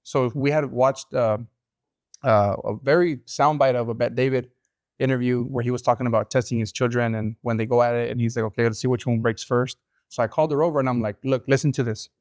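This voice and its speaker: Man hosting a podcast, bilingual storyteller, dry close sound, mid pitch. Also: fairly even intonation, a little fast, a little mellow, dry recording. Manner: storytelling, switching between English and Spanish. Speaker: podcast host. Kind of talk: casual interview chat.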